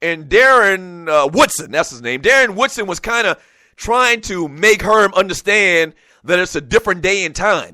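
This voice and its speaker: A male sports talk host speaks with a high, bright voice. He runs a passionate studio monologue that often climbs into shouting. The sound is dry and close. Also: animated, normal speed, dry recording. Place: radio studio.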